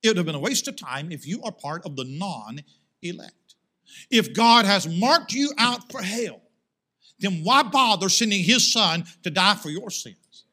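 A male pastor preaching a sermon to his congregation in church. He asks rhetorical questions and rises into loud, emphatic swells. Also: high voice, animated, a little slow.

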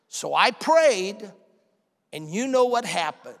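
A man preaching a sermon, telling a story and acting out the people in it with animated delivery. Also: high-pitched, slow. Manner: animated, acts out quoted people. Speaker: pastor. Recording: long hall reverb.

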